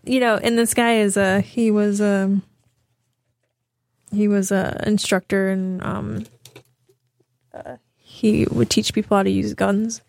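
A woman's voice: mid-range voice, level tone, slow, creaky, long pauses, darkish tone, no echo. Podcast co-host, woman, chatty storyteller, dry close sound. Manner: storytelling, acting out quoted exchanges. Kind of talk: casual chat.

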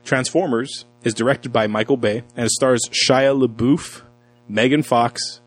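A man's voice: mid-range voice, steady tone, measured pace, faint music behind, rough recording. A man hosting a casual movie podcast, talking in a loose, joking way and swearing freely. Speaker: podcast host.

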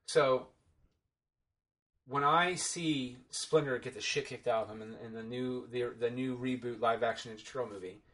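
A man's voice: medium pitch, moderate pace, fairly bright tone. A man giving a casual, rambling and sarcastic film review, full of fillers and restarts.

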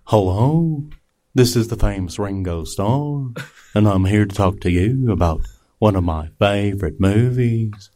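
A man's voice: lowish voice, unhurried, warm tone, dry recording, lightly acted. A man doing a comic impression of a famous drummer, telling a story in a chatty, mock-earnest way with little asides. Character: impression of a famous British drummer reciting a plot summary. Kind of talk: comedy podcast impression.

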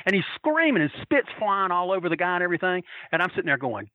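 A man telling wild anecdotes in a casual, profane, animated way, acting out other people's voices and laughing as he goes. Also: a little high, fast, few pauses, no echo, narrow, tinny audio. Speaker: storyteller guest.

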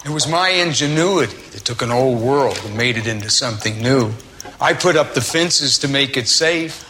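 A domineering, self-important leader. Bright tone, faint background noise. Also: male voice, fairly high pitch. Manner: condescending, domineering. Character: arrogant powerful man lecturing an underling.

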